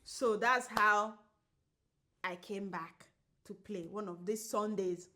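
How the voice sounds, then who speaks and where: A woman co-hosting a podcast who tells a story in casual chat, acting out the quoted lines and laughing often. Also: takes it slowly. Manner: animated, acts out quoted dialogue with big pitch jumps; laughs often while telling. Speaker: podcast co-host.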